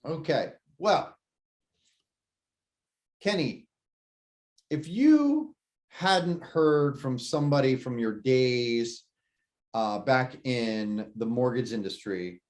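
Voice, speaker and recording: A man co-hosting a casual podcast, talking shop with lively energy and acting out imagined phone calls. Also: medium pitch, slow, long pauses. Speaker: podcast co-host. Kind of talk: casual real estate podcast chat.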